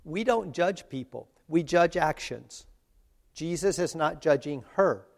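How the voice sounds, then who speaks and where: A man giving a conversational sermon, slowing down for emphasis and laughing at his own asides. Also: a little high, lively intonation, creaky. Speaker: preacher. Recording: long hall reverb.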